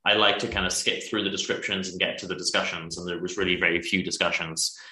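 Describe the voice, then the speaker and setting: A man's voice: sits low, level tone, fast talker, bright, forceful tone, roomy sound. A man hosting a podcast, chatting casually about a book he read, rambling with restarts and asides. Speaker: podcast host.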